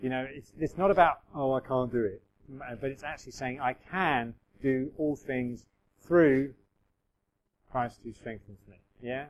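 A man's voice: mid-range voice, measured pace, low-quality recording. A middle-aged man preaching a sermon in a conversational way, acting out quoted voices with self-deprecating humour. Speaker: pastor.

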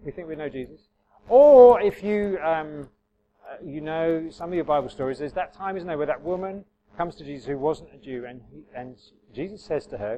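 A man's voice: fairly high pitch, expressive, normal speed, mellow, rough recording. A man giving an informal sermon, chatty and self-correcting, with wry asides to the congregation. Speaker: preacher. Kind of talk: informal sermon with audience interaction.

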